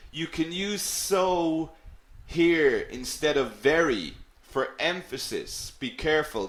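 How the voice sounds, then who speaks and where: Slow, patient male English teacher. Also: fairly high pitch. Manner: patient, explains slowly, checks in with "okay?"; reads out viewers' names and questions. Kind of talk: live online English lesson. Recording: roomy echo.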